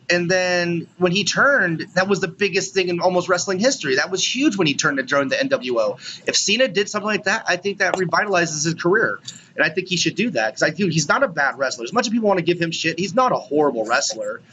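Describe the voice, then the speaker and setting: A man's voice: high voice, lively intonation, fast talker, sharp tone, dull audio, a little hiss or hum. A man co-hosting a podcast in casual chat, rambling with lots of "you know" and "like". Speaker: podcast co-host.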